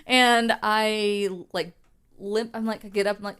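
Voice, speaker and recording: A woman's voice: mid-range voice, unhurried, clean tone. A woman co-hosting a podcast, telling a story in casual chat and acting out the voices of the people in it. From United States. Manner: animated storytelling, acts out quoted voices. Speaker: podcast co-host.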